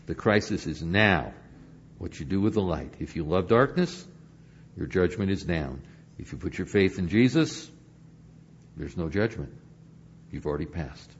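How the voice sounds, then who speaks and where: An older man preaching a sermon as pastor, moving between emphatic points and hushed, quiet stretches. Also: low-pitched, highs cut off, slight background noise.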